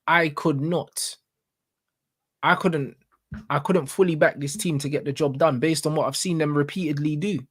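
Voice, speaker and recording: A man with a London accent ranting about football in casual chat, emphatic and repeating himself. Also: on the high side. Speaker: football pundit.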